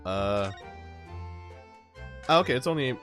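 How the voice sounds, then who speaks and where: A man's voice: mid-range voice, expressive, slow pace, a bit bright, soft background music. Playful man on a game stream. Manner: playful, self-deprecating, thinking aloud. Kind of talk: casual game let's-play commentary.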